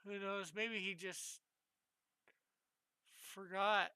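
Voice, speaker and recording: A woman's voice: medium pitch, steady tone, drawn-out words, pushed and bright, clean tone, no echo. A woman hosting a live drawing stream, chatting in a meandering, giggly way. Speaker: stream host and comic artist. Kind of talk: casual live-stream chat.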